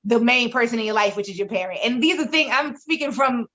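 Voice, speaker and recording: A woman's voice: on the high side, lively intonation, fast talker, pushed and bright. A woman in her thirties, candidly telling a painful personal story in a podcast chat, frank and emotional and swearing freely. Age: 30s. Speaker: podcast co-host. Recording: slightly dull lo-fi sound.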